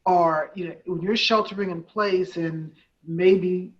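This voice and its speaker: Speaking slowly in a steady voice on the low side, a woman hosts an interview as the head of a nonprofit. She meanders, restarting often and using many fillers. The audio is dull and lo-fi.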